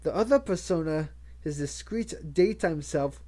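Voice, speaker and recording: A reader narrating a novel aloud in a measured way, with occasional stumbles and restarts. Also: mid-range voice, animated, dark tone. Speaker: audiobook reader. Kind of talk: audiobook narration.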